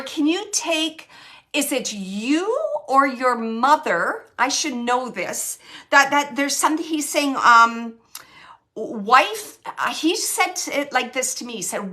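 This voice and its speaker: A woman's voice: sits high, lively intonation, takes it slowly, pushed and bright. A woman working as a psychic medium, chatting to an online audience, laughing often and relaying messages she says she hears.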